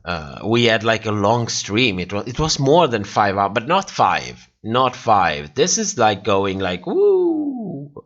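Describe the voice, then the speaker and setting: A man's voice: on the low side, big pitch swings, unhurried, few pauses, a bit bright, dull audio. A tired man hosting a livestream, casually chatting and reacting to viewers' comments while laughing often. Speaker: livestream host. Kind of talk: casual chat reading live comments.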